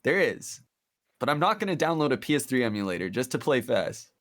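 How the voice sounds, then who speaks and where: A man co-hosts an anime podcast in relaxed, easygoing chat. He laughs easily, and his voice sits close and dry with no room sound. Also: mid-range voice, fairly quick, dry recording. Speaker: podcast co-host. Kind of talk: casual chat.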